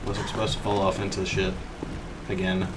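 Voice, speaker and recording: A man's voice: low-pitched, completely flat delivery, brisk, distant mic. Man thinking aloud over a game, noisy. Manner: musing, thinking aloud while playing. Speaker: let's play player. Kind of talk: casual gaming commentary.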